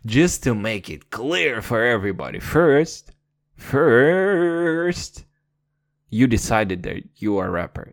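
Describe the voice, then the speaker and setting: Male comedy podcast host, non-native English, foul-mouthed mock-gangster bravado, lively melody, slips into a fake deep voice. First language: not English. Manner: dips into a put-on deep voice.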